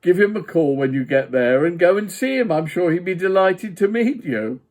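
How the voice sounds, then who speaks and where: A man's voice: sits high, expressive, normal speed, a little mellow, pitched above the performer's own voice. An older man in his seventies voicing a courteous, apologetic male publicist in an anecdote. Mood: polite. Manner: apologetic, very polite.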